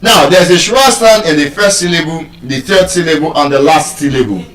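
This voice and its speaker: A man's voice: a little high, expressive, a little fast, fairly bright tone, roomy sound, recorded from a distance, poor audio. A man with a Nigerian accent giving a live stage lecture on pronunciation, quizzing the audience and spelling words out letter by letter. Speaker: public speaker teaching pronunciation.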